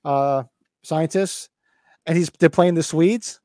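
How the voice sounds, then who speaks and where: A man in his fifties co-hosting a casual livestream podcast, excited, swearing freely and acting out movie lines. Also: on the high side, slow pace, dry recording, clean studio sound. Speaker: podcast co-host.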